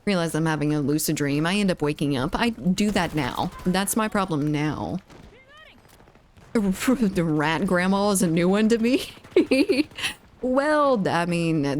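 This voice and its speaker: Giggly low-voiced woman streamer. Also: expressive, a little slow, darkish tone, slight background noise. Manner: chatty, giggly, reads chat aloud. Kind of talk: casual gaming stream chat.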